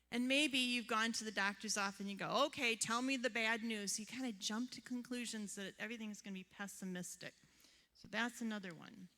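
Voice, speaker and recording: A woman's voice: mid-range voice, pushed and bright. A woman therapist giving a seminar talk to a live audience, telling chatty stories and asking the room questions. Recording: long hall reverb.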